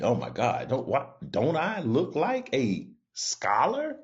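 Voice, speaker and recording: A man who is a comedian and host, telling road stories in a casual monologue, jumping into higher voices when quoting people. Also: measured pace, few pauses, highs cut off. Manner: animated, jumps into high voices for quoted people, frequent restarts.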